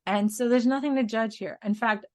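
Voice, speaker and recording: A woman's voice: fairly high pitch, steady tone, fairly quick, a little mellow. A woman co-hosting a casual spiritual podcast, telling stories in an earnest way and laughing now and then. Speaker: podcast co-host.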